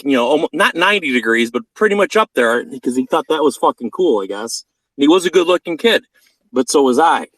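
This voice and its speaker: A man's voice: on the high side, fairly bright tone, no echo, poor audio. A man in his thirties telling a personal story in a blunt, profane way, acting out the quoted lines. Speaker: vlogger. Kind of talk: casual storytelling monologue.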